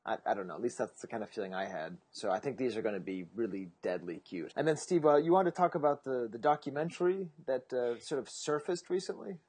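A man's voice: medium pitch, animated, fast, few pauses, a little mellow, husky. A man co-hosting a casual podcast roundtable, joking and stumbling over his words. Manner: joking, hesitant, repeats words.

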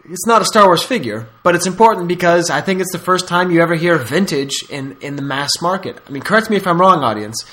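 A man's voice: sits high, lively intonation, fast, few pauses, fairly bright tone. A man hosting a podcast in casual chat, rambling through stories with asides. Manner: rambling, storytelling with laughs and asides. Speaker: podcast host.

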